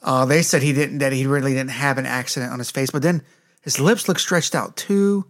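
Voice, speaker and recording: Guy rambling fast about movies, casual podcast chat, swears a lot. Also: medium pitch. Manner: rambling, profane, fast and eager. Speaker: podcast co-host.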